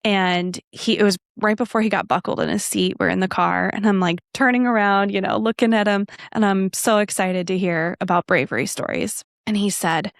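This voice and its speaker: A woman hosting a casual solo podcast, telling a story in a chatty, animated way and acting out the dialogue. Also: mid-range voice, moderate pace, creaky, few pauses, no room sound, studio quality. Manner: animated, acts out quoted dialogue; chatty with frequent fillers and asides. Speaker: podcast host.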